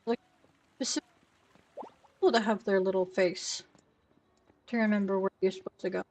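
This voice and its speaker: A woman's voice: medium pitch, fairly even intonation, normal speed, a little mellow, recorded from a distance. A young woman streaming a cozy game, chatting casually and reading the on-screen text aloud.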